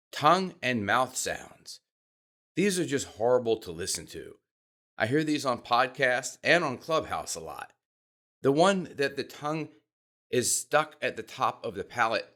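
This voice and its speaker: A man giving podcast speaking tips to camera, expressive and demonstrating changes in pitch and pace as he explains. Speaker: podcast coach. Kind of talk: instructional talk to camera.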